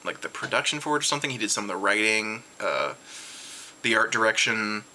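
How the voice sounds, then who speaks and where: A tired man at home, rambling excitedly through a casual convention recap with lots of restarts. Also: a little fast, a little hiss or hum. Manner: jumps high in pitch when retelling his reactions. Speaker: vlogger reviewing a convention.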